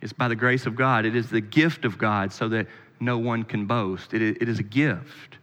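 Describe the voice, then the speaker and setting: A man's voice: fairly low pitch, steady tone, normal speed, a bit bright, in a large hall. A man preaching a sermon as pastor, talking in an earnest, conversational way with frequent restarts.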